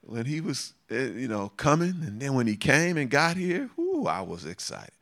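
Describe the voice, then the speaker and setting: A man's voice: medium pitch, sing-song, normal speed, hardly any pauses, a bit bright. A man preaching a sermon, repeating phrases for emphasis and chuckling often.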